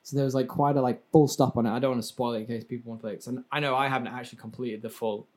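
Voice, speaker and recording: A man's voice: medium pitch, steady tone, racing. A man co-hosting a gaming podcast, chatting casually, swearing and restarting his sentences. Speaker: podcast co-host.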